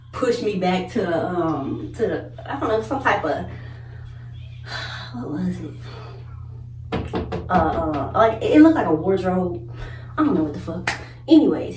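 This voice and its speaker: A young woman vlogger telling a story in casual chat, animated, cursing and acting out the people in it. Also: fairly low pitch. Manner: animated, swearing, laughing, acts out others' voices. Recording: echoey room, mic at a distance.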